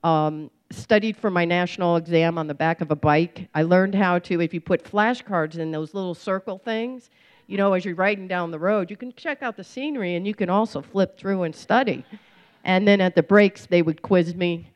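A woman's voice: lowish voice, normal speed. A woman sharing her recovery story in a casual, rambling way, with lots of fillers and restarts. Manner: rambling, warm-humored, many fillers and restarts. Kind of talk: personal testimony, casual storytelling. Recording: slightly dull lo-fi recording.

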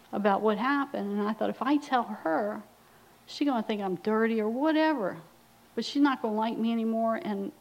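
A middle-aged woman telling her recovery story at a meeting, acting out the dialogue with lively, often laughing delivery. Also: on the high side, muffled recording.

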